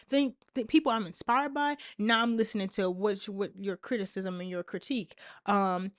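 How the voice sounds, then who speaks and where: A woman's voice: medium pitch, fairly even intonation, normal speed, few pauses, dry recording, studio quality. A woman vlogger talking straight to camera, emphatic and repetitive, with sassy asides. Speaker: motivational vlogger. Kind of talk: direct-to-camera motivational talk.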